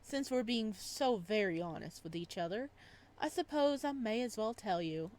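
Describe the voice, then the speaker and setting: Using her natural voice at a medium pitch, a woman reads aloud as a soft-spoken, possessive male psychiatrist in a visual novel. She moves at a moderate pace, with a calm tone that's quietly unsettling.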